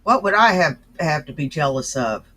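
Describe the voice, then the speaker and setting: A man's voice: on the high side, animated, normal speed, sharp tone. A man on a livestream, firing back defensively and indignantly at the host. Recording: dull lo-fi stream audio.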